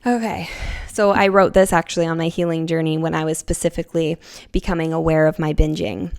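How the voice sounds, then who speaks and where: A woman's voice: sits low, steady tone, fairly quick, vocal fry, darkish tone, dry recording, clean studio sound. A young woman hosting a podcast, talking casually and reflectively, filling her speech with "like" and quoting her own inner voice. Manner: heavy use of "like", quotes her own inner voice. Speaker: podcast host.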